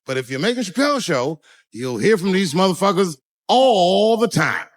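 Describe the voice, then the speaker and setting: On stage, a stand-up comedian tells profane stories, his voice leaping from low mutters to loud, high bursts, and it sits a bit high for a man. He's sing-song at a normal speed, and the recording is dry, close, and rough.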